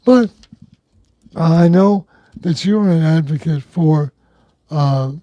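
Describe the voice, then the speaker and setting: A man's voice: fairly high pitch, slow, mellow, no room sound, highs cut off. A man hosting a local talk radio show, reading news items in a conversational, wry way.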